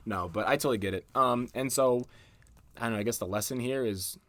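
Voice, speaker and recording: A woman's voice: a bass voice, fairly quick, dry recording. A young woman hosting a podcast, telling stories in a blunt, darkly joking way and swearing freely. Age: young adult. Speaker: podcast host. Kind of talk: casual storytelling chat.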